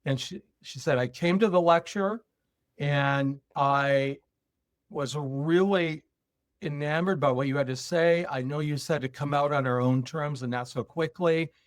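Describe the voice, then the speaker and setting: A man's voice: on the high side, measured pace, no room sound, clean studio sound. A man telling a personal story as a podcast guest, acting out both sides of a remembered conversation. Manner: animated retelling, acting out both sides of a dialogue. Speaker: guest speaker.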